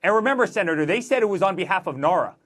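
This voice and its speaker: A man in his forties, a guest author in a political interview, talking emphatically in rapid-fire lists. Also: high voice, animated, a bit bright.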